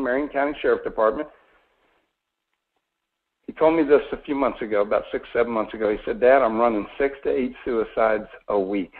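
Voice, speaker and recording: A man in his forties giving a folksy, persuasive mortgage sales talk on a conference call, often asking his listeners questions. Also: mid-range voice. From Florida. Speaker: mortgage presenter. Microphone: phone or conference call line. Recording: tinny phone-line audio.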